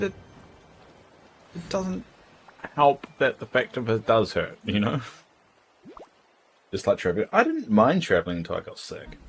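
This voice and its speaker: Deep husky New man streaming. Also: fairly bright tone. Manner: rambling, frank and chatty. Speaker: livestreamer. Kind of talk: casual gameplay chat.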